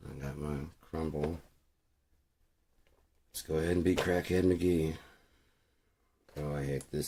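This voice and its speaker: A man's voice: a bass voice, fairly even intonation, takes it slowly, pauses often, mellow, slight background noise. A man talking casually while streaming, rambling and swearing with many fillers. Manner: rambling, profane, lots of fillers. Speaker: music producer streaming. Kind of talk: casual chat.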